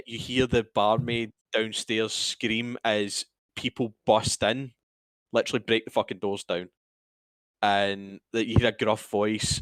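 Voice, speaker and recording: A man runs a tabletop game in halting, stop-start narration full of swearing. His voice sits at an ordinary pitch, and the recording is dry and close. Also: fairly bright tone, no echo, rough recording. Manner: halting, swears freely, many restarts. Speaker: game master.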